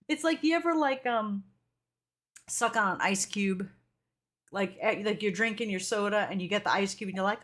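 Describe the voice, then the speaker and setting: Chatty high-voiced woman streamer. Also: moderate pace. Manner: animated, chatty, swears casually, reads viewer comments aloud. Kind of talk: casual live-stream chat.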